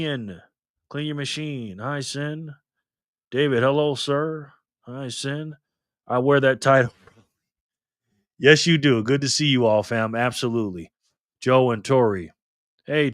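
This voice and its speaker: A man's voice: mid-range voice, a bit bright, no echo, clean studio sound. A man hosting a casual live stream, greeting viewers by name and reading their chat messages aloud in an upbeat, loose way. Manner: loose delivery with fillers and laughs.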